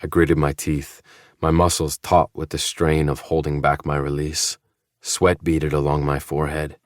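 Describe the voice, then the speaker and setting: A man narrates a first-person audiobook in a very deep, low voice. His reading is measured, low-key and intimate. The sound is close and completely dry. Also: dry recording.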